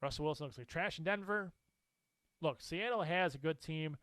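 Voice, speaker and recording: A man with a fairly high voice talks sports picks in a casual, animated way. He is opinionated and laughs easily. His voice sounds dry and close to the mic, with no room sound. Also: normal speed, clear, resonant tone, no echo. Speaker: co-host.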